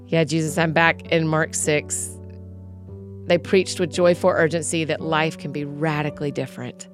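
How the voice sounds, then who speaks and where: A woman host reading scripture aloud in a measured, earnest way and then praying. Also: fairly low pitch, soft background music. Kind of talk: scripture reading and spoken prayer.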